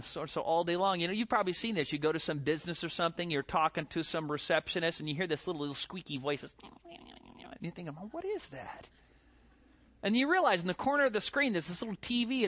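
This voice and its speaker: A middle-aged man preaching a sermon as pastor, animated, with rhetorical questions and mimicked voices. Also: fairly high pitch.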